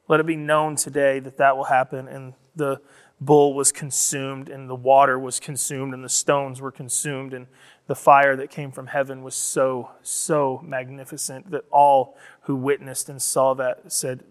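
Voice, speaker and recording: A man preaching a sermon, retelling a story with acted quotes and building to loud, emphatic passages. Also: on the high side, clean tone. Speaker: pastor. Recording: long hall reverb.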